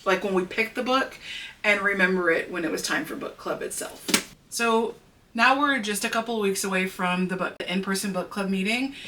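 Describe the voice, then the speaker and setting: A woman chatting casually to the camera at home, animated and playfully dramatic, talking to her viewers. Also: mid-range voice, moderate pace, noisy background. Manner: animated, self-mocking and dramatic. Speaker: book vlogger. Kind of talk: casual vlog chat. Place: at home, indoors. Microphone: camera mic.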